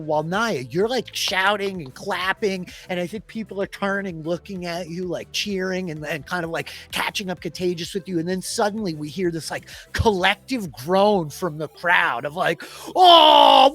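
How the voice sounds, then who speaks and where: A woman's voice: lowish voice, a bit bright. A woman running a tabletop game as dungeon master, narrating in a casual, rambling way. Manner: casual, rambling, lots of fillers.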